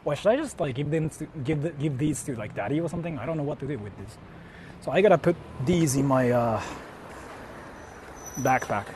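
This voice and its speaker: A male live-streamer walks a city street at night and talks into a handheld mic. He speaks in loud, profane, mocking bursts, slips between English and Japanese, and his tone stays dark and mellow. Faint traffic hums behind him. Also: fairly high pitch, lively intonation, fairly quick. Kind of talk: casual live-stream chatter.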